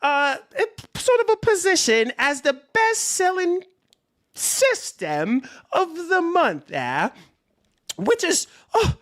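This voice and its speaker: A man putting on a fake British accent, playing a smug gloating British lad while reading news aloud in a drawn-out, theatrical way. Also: extremely high pitch, wildly swooping pitch, fairly bright tone, no echo, studio quality, heavily acted. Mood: mock gloating. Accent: put-on British. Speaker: streamer.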